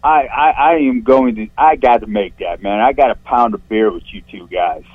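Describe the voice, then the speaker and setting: A man from St. Louis calling into a show with a profane, angry rant, his voice jumping shrill when he gets worked up. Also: normal speed, breathy edge. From St. Louis, USA. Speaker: caller. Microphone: phone line. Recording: dull phone-line call audio.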